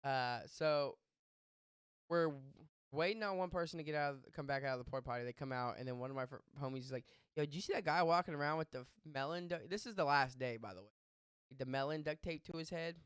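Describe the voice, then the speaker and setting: A young man hosting a podcast, telling a story in casual chat, animated and profane with quick asides. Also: medium pitch, clear, resonant tone, dry recording, clean studio sound. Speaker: podcast host.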